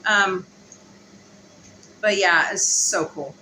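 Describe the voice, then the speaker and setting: A chatty woman hosts a relaxed home vlog, her bright voice bouncing around a roomy space. She talks loosely, filling pauses with ums. A faint hiss sits underneath. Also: mid-range voice. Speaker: vlog host and mother. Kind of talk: casual chat. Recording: roomy, light background hiss.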